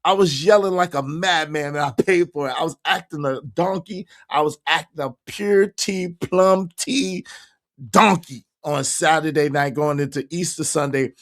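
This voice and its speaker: Hoarse man hosting a livestream chat. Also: fairly high pitch, moderate pace. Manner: animated, shouting out viewers by name. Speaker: livestream host reading chat.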